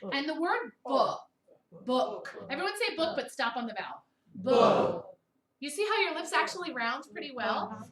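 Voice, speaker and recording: Animated mid-Atlantic American woman voice teacher. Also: high-pitched. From Baltimore, USA. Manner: animated, demonstrative, models vowel sounds aloud. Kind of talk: vocal technique workshop. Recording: echoey room, distant mic, faint hiss.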